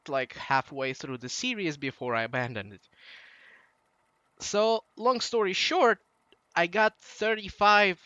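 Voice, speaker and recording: A man's voice: a little high, pushed and bright, dry recording. A young man in his late teens with a Russian accent, rambling through a casual monologue that drifts off track. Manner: digressive, loses his train of thought. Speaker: channel host.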